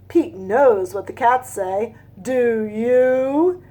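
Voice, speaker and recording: A young woman teaching a phonics lesson to small children, reading aloud gently and speaking straight to her listeners. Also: fairly high pitch, slow. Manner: gentle, talks directly to young listeners, sings snatches of nursery songs.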